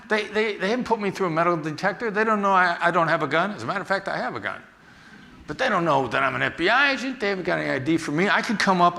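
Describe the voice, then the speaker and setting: Animated man telling a story on stage. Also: a little high. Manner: animated, acts out the people in his stories. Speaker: negotiation instructor and former FBI agent giving a talk. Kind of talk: storytelling keynote talk.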